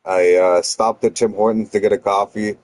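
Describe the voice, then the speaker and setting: A man's voice: fairly low pitch, steady tone, normal speed, a little mellow, no echo, low-quality recording. A young man, a streamer telling a heated story to his chat, swearing often and restarting his sentences.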